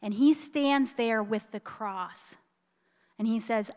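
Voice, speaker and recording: A woman preaching a sermon, telling a story with emphasis and slowing down on key lines, at times choked up with emotion. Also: on the high side, darkish tone, long reverb tail.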